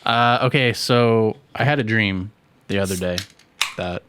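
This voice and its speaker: A man's voice: on the low side, measured pace, background noise. A young man co-hosting a casual podcast over beers, joking and rambling through a story. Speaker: podcast co-host.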